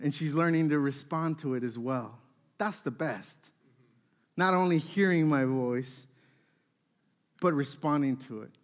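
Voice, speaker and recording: A man in his thirties preaching a sermon, telling family stories with lively acted-out dialogue. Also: a little high, a little slow, long pauses. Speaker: pastor.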